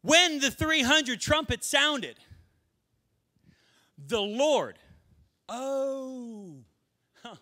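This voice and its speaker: A male pastor preaching an animated, comedic sermon, acting out scenes with shouts and sound effects. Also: extremely high pitch, very slow, long pauses. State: winded. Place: church sanctuary.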